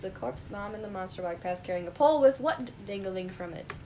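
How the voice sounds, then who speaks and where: A woman reading trivia questions to friends in a casual game, animated and playful. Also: medium pitch, a little fast, crowd noise. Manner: animated, breaks into singing. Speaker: quiz host reading questions. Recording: noisy background with clicks.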